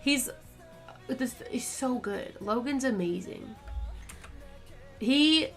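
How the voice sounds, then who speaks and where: A woman's voice: on the high side, animated, takes it slowly, soft background music. A woman chatting casually on her art stream, rambling with lots of fillers and little laughs. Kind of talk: casual chat while drawing on stream.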